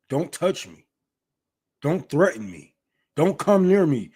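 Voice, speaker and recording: A young man from Detroit hosts a livestream and rants in a blunt, heated, profanity-laden way. His voice sits high for a man, and he talks fast and loose like casual talk among friends. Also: sing-song, darkish tone, husky. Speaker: livestream host.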